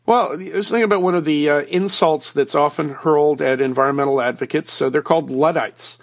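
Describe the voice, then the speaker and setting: A man's voice: on the high side, brisk. Folksy male commentator on the line. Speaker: regular guest commentator, publisher. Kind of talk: conversational explainer. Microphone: phone line.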